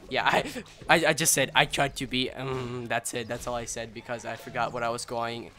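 A young man commentating his own gameplay, rambling and apologizing, then yelling in excitement, a little sick and clearing his throat. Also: medium pitch, moderate pace. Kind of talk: casual let's-play commentary.

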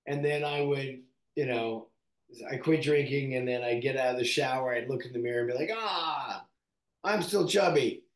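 A man from Canada, an actor, speaking candidly in an interview in a reflective, halting way with many fillers and restarts. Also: medium pitch, level tone, roomy sound.

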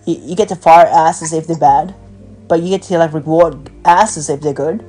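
With a warm, low voice, fairly even intonation and normal pace, a woman hosts a podcast and vents bluntly, peppering her casual talk with swearing and fillers. It's recorded as a phone call with faint music in the background.

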